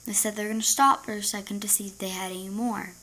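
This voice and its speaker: A woman's voice: medium pitch, steady tone, fast, pushed and bright, poor audio. A female vlogger telling a dramatic story about her injured ankle to the camera, chatty and sometimes dropping into a whisper.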